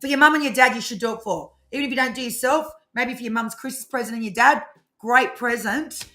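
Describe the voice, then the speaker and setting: A woman, co-hosting a live tarot stream in rambling, animated casual chat. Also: fairly high pitch, fast. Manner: chatty, rambling, animated storytelling. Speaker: tarot reader co-host.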